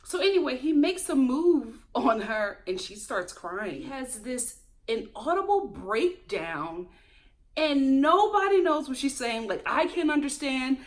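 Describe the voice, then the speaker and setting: A woman hosts a casual reality TV review with a gossipy, animated delivery. Her voice sits fairly high and swoops up and down. She slips into mock voices to imitate the people she is talking about. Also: a little slow. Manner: animated and gossipy, mimics cast members. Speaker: show recap host.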